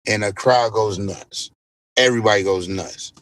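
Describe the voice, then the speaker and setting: A man, a DJ guest on an interview podcast, telling a story in a casual, animated way with plenty of swearing. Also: on the low side, moderate pace. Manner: animated, profanity-laced storytelling.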